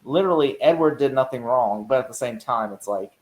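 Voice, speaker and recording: A man's voice: mid-range voice, animated, brisk. A man co-hosting a TV recap podcast, rambling in casual chat with lots of "you know" and "like.". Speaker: podcast co-host. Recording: roomy echo.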